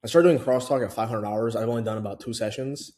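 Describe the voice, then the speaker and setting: Mellow-voiced man rambling casually. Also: lowish voice, fast talker. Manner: chatty, full of fillers and restarts. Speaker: language-learning vlogger. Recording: roomy echo.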